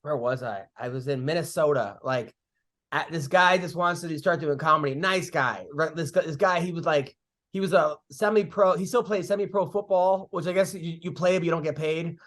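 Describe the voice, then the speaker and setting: A middle-aged man hosting a podcast, telling comedy-road stories in casual chat, animated, swearing freely and acting out what people said. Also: fairly high pitch, moderate pace. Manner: animated storyteller, swears freely, acts out quotes.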